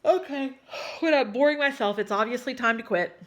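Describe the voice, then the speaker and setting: This cross-stitch vlogger has a fairly high-pitched voice and talks a little fast. Tired and yawning, the South Texas woman chats casually with viewers in her Texan accent, rambling, apologizing, and dropping plenty of "y'all."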